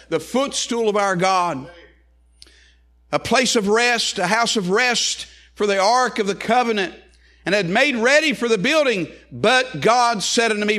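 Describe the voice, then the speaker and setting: This male pastor has a high voice with a sharp tone as he preaches a sermon. He reads scripture aloud and repeats phrases in a preaching cadence that rises and falls.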